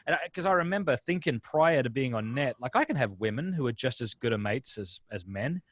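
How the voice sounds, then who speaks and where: A man, a guest speaker on a video-call webinar, telling stories in a lively, casual way with quick restarts. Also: medium pitch. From Australia. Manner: lively storyteller, frequent restarts. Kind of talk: casual interview chat.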